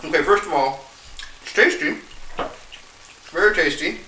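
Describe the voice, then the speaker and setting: A man's voice: a little high, unhurried, pushed and bright, slight background noise. A man chatting casually on a video, groaning, laughing and swearing as he talks. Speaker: vlogger eating spicy ramen. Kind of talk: casual chat. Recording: roomy sound, distant from mic.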